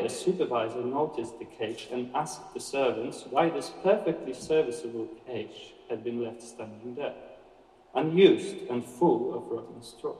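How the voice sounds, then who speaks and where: A man giving a measured, expressive reading of a story aloud, with occasional slips. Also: mid-range voice. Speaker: reader. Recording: echoey hall from far off.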